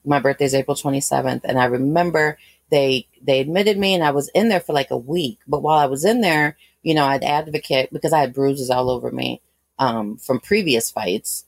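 Low-voiced woman telling a candid story. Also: brisk, vocal fry, no echo. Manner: candid, rambling storytelling with many fillers. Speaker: guest. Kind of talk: personal story interview.

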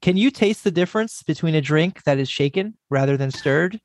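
A man's voice: a little high, fairly quick, no echo, clean studio sound. A man co-hosting a podcast, chatting casually and joking with enthusiasm. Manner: lively, jokey, enthusiastic. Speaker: podcast co-host.

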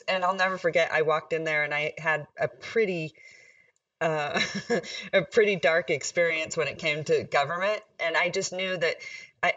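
A woman mayor from Nevada chatting in a casual interview, upbeat and quick to laugh. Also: low voice, fairly bright tone, no room sound, far from the mic, lo-fi sound. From Nevada, USA.

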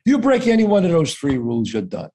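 A man's voice: on the high side, fast. A man telling a story from his life in casual conversation, acting out the people in it and swearing freely. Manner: animated, profane, acts out quoted voices. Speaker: guest actor.

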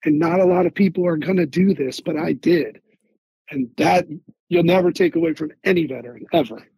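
A gravelly man with a somewhat raised voice tells his army stories in an animated way. He is from Philadelphia, stumbles over repeated words as he goes, and sounds husky up close. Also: fairly high pitch, brisk, dry recording, poor audio. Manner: animated, repeats words while searching for them. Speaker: guest, Army veteran. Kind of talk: casual interview storytelling.

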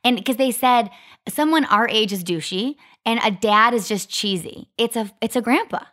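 A woman's voice: on the high side, normal speed, a bit bright. A woman in her thirties, co-hosting a podcast and telling a story in a chatty, casual way, full of "like.". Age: 30s. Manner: chatty, lots of "like" fillers. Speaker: podcast co-host.

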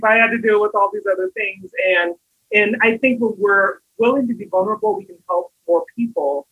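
A woman hosts a relaxed interview in a slightly husky voice. She affirms her guest often and tells her own story with enthusiasm. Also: medium pitch, a little fast, rough recording. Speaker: host. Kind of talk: casual interview conversation.

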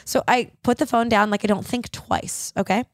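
Animated woman telling a story on a podcast. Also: on the high side, normal speed, no echo, studio quality. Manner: animated, laughing, acts out quoted dialogue. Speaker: podcast co-host. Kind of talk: casual storytelling chat.

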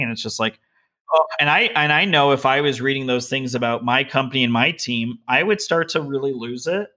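A man's voice: medium pitch, sharp tone. A man hosting an interview, asking long, chatty, rambling questions full of fillers. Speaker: podcast host interviewing a guest.

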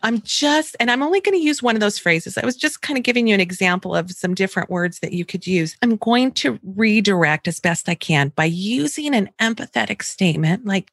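A middle-aged woman and grandmother giving calm parenting advice, acting out a child's complaints and her own soft replies. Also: medium pitch, normal speed, no echo, clean studio sound. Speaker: homeschooling parent coach.

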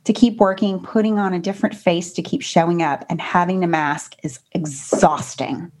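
A woman hosting a podcast, talking in an animated, emphatic way, her pitch jumping up to stress her points. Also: normal speed. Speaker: podcast host. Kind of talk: casual podcast conversation.

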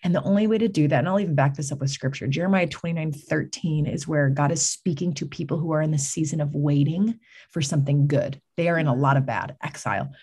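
Husky-voiced woman telling an animated story. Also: deep voice, quick pace. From California. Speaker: podcast guest. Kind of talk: storytelling with a faith message.

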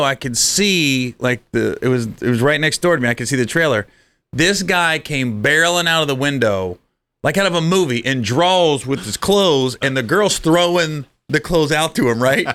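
A comedian telling stories in casual chat, acting out the people in them and laughing often. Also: male voice, a little high, animated, normal speed, fairly bright tone.

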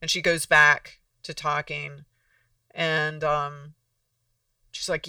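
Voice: medium pitch, level tone, slow pace, long pauses, pushed and bright, clean tone, no echo, studio quality, far from the mic. A podcast host explaining in a casual, conversational way, often restarting sentences and acting out example dialogues.

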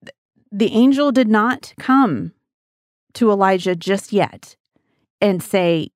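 Middle-aged woman, devotional Bible teacher, earnest and chatty, mid-pitched voice, dry close recording. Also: animated, slow, long pauses, no echo. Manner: earnest, conversational, addresses listeners as guys.

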